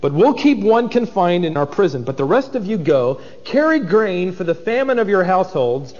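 A man's voice: high voice, very animated, moderate pace, darkish tone, big-room sound, muffled recording. A man preaching an expository sermon, dramatic and acting out the voices of biblical figures.

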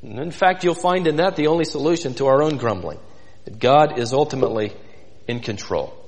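A man's voice: mid-range voice, fairly quick, darkish tone, big-room sound. A man preaching an expository sermon, vividly retelling scripture scenes and inviting listeners to imagine themselves there.

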